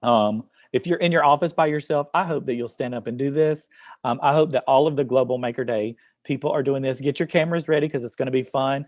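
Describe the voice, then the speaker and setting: A man's voice: medium pitch, fast, dry recording, clean studio sound. A man, an upbeat teacher reading poetry to students and encouraging them, with many fillers. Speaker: educator presenting to students. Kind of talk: reading a poem aloud to a class online. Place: office.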